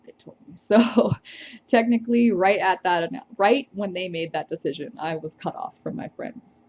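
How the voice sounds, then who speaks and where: A woman's voice: fairly low pitch, normal speed, a little mellow, lo-fi sound. Reflective woman telling a personal story. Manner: reflective, hesitant, with small laughs. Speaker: vlogger.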